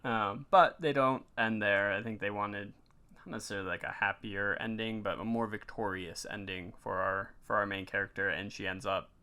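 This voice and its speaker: Guy on a movie podcast, lowish gravelly voice, kinda bright, lots of "like" and "or whatever". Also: moderate pace. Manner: relaxed, recaps plot with many fillers. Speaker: podcast co-host. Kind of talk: casual movie review chat.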